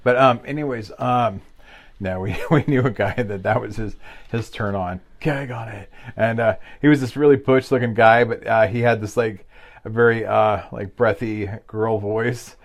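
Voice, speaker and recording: A man's voice: fairly low pitch, normal speed, vocal fry. Rambling, candid man telling stories. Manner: rambling, full of fillers and asides. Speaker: podcast co-host. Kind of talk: casual storytelling chat.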